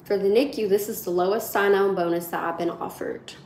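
A woman in her twenties, a nursing student, telling her viewers a story in a chatty, animated way. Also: mid-range voice, brisk, slight background noise. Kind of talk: casual vlog storytelling. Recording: roomy echo.

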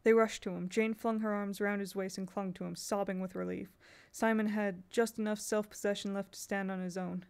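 A woman's voice: mid-range voice, fairly even intonation, brisk, vocal fry, few pauses, a little mellow, smooth. A woman reading a children's fantasy novel aloud as an audiobook, telling it evenly and unhurriedly, with small restarts. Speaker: audiobook reader.

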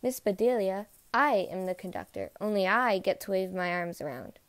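A woman's voice: mid-range voice, very animated, moderate pace, dry recording, lightly acted. Storybook: stern, fed-up man conducting, read by a woman, dry close sound. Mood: impatient. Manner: stern, impatient. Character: exasperated male orchestra conductor.

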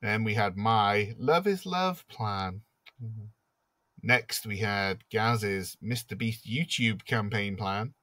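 Podcast host, male, bright voice, wry teasing read, dry close mic. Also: lowish voice, slow, dry recording. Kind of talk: casual podcast chat.

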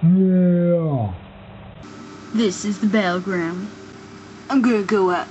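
A woman's voice: on the low side, takes it slowly, warm tone, highs cut off, slight background noise. A woman voicing all the figures of a homemade toy war story, switching playfully between characters. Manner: playful, voices many toy figures in turn. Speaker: amateur stop-motion voice performer. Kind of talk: kid-style toy play acting.

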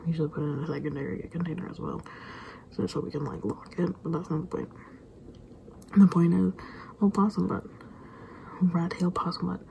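Woman whispering a rambly story, kinda low and gravelly, faint background hiss. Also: fairly even intonation, a little fast, long pauses, warm tone, poor audio. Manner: rambling, self-interrupting anecdote with repeated sound effects.

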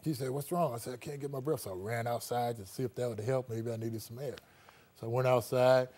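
A middle-aged former athlete tells his story in a relaxed interview, his mid-range voice moving briskly. He peppers his talk with "you know" and acts out quotes.

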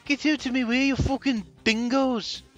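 A man putting on a shouty Cockney geezer. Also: extremely high pitch, fairly even intonation, normal speed, highs cut off, soft background music, voice pushed up. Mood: aggressive. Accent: put-on Cockney. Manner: shouting, swearing, exaggerated. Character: rowdy Cockney man yelling at rivals.

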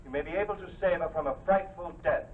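An actor playing a radio newscaster reading local news in an even, formal manner, heard as a tinny radio from across the room. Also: male voice, on the high side, fast, far from the mic, slight background noise, close to an everyday voice.

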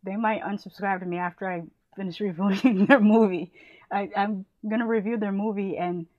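A woman from the United States, a movie reviewer, chatting casually and enthusiastically while giving shout-outs to other channels. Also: medium pitch, fairly even intonation, moderate pace, no echo, dull audio.

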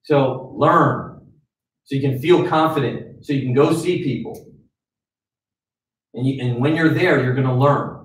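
A man's voice: mid-range voice, unhurried, pauses often. A man lecturing a small group as a sales trainer, blunt and scolding in a motivational way. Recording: echoey room, voice from far off.

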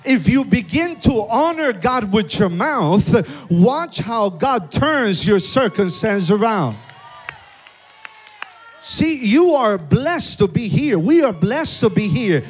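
A man's voice: high voice, sing-song, takes it slowly, husky, faint music behind, a faint crowd. A man preaching a sermon in a church, using call-and-response with the congregation. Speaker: pastor. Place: church sanctuary with live congregation.

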